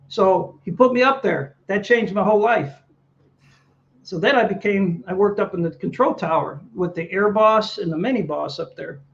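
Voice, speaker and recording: Guest: male veteran, high-pitched storyteller, slightly muffled lo-fi audio. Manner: animated anecdotes, acts out dialogue. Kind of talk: storytelling interview.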